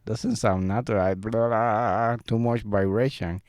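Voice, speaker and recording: A man teaching a music software tutorial, explaining step by step in a relaxed way and laughing often. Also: on the low side, a little slow, dry recording, studio quality. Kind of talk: screen-recorded software tutorial. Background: vocal track playback.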